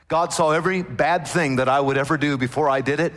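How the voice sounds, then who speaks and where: A man preaching a sermon, emphatic, slowing down to stress scripture quotations. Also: on the high side, fairly even intonation, a bit bright. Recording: long hall reverb.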